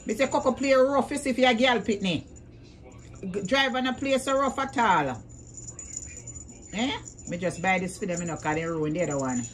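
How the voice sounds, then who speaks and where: A woman's voice: medium pitch, lively intonation, normal speed, long pauses, slight background noise. A woman, vlogging as she coaxes her cats to play in a sing-song, repetitive way. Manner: coaxing, sing-song, repeats commands. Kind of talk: casual talk to her cats.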